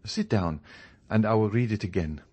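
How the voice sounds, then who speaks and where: Man reading courteous storybook journalist, genial, measured, firm, lowish voice. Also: darkish tone, lightly acted. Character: genial male journalist, friendly yet proud.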